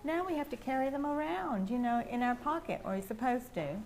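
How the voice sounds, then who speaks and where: An older woman with an English accent, sharing a meandering personal testimony with soft laughs. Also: high-pitched, expressive, fairly quick, background noise. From England. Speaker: testimony speaker at a prayer house.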